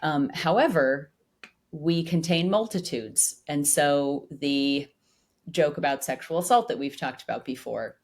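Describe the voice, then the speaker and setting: A woman's voice: sits low, a little slow, darkish tone. A woman comedian who is a guest on a podcast, talking casually and reflectively with many fillers. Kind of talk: casual conversational podcast chat.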